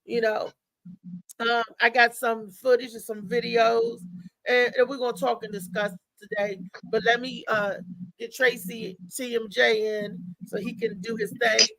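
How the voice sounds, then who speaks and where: A woman's voice: fairly high pitch, flat delivery, measured pace, gravelly, fairly bright tone, low-quality recording. A woman hosting a live show, chatting loosely and talking straight to her viewers. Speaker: host. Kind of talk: casual live show chat.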